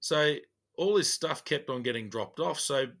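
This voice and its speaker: Australian man, podcast co-host, bright forceful voice, lively storyteller, acts out the quotes, casual chat. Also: a little high, normal speed. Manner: animated, acts out dialogue in his stories. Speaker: podcast co-host, police officer.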